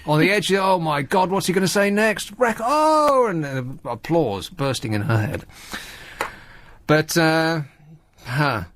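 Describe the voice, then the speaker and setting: Man, radio host, mocking comic patter, somewhat higher voice. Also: lively intonation, unhurried, fairly bright tone, slight background noise. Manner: sarcastic, mocking asides. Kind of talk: casual comic radio monologue.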